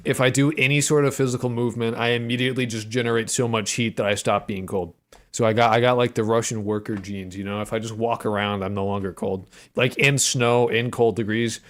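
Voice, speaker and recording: In a casual livestream chat, a man working on his game reads viewers' messages out loud and answers them with crude, joking banter. He has a lowish voice.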